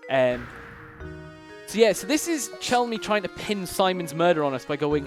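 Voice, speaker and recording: A man's voice: sits high, very animated, moderate pace, soft background music. A man from the United Kingdom giving casual live commentary on his own speedrun, explaining the game as he plays and using a lot of fillers.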